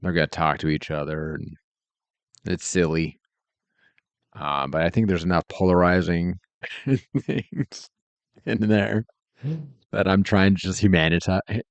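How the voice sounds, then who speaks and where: A man's voice: sits low, vocal fry, no room sound, highs cut off. A man streaming while he works, chatting casually in a laid-back, meandering way and chuckling often. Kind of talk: casual rambling chat while working.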